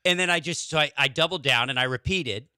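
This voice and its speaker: A man telling a story in casual studio chat, animated and laughing often, recorded on a radio studio microphone. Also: a little high, fast, smooth, no echo. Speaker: guest actor.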